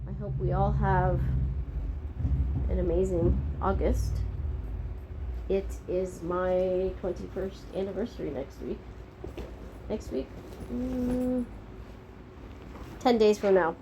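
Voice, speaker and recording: A middle-aged woman talking to her viewers in a casual, rambling diary-style vlog, unhurried and thankful. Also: mid-range voice, noisy background. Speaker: vlogger.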